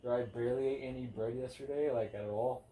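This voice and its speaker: A man's voice: mid-range voice, fairly even intonation, fairly quick, warm tone. Rambling young man in a roomy space. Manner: rambling, stumbles and restarts, mumbles. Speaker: podcast co-host. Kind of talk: casual chat among friends. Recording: roomy room with faint hiss.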